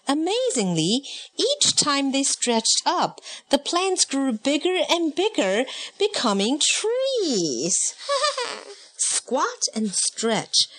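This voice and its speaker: A woman's voice: high voice, fairly bright tone. A woman reading a picture book aloud in a playful way, chanting the sound effects. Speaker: storybook reader.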